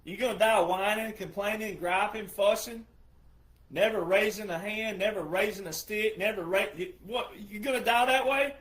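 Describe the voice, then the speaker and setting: A man's voice: high-pitched, normal speed, a bit bright. A man who is a retired veteran, giving an emphatic monologue full of repetition and rhetorical questions. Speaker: retired military veteran commentator.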